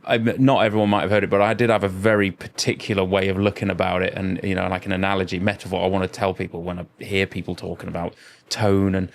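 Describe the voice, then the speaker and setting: A man's voice: lowish voice, steady tone, a little fast, vocal fry. A middle-aged man co-hosting a podcast, chatting casually in a rambling, anecdotal way with plenty of swearing. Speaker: podcast co-host. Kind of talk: casual chat.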